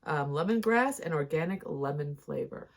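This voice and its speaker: A woman's voice: deep voice, animated, normal speed. A woman co-hosting a casual morning chat show from a cabin, with playful, teasing banter. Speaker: co-host. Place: cabin indoors.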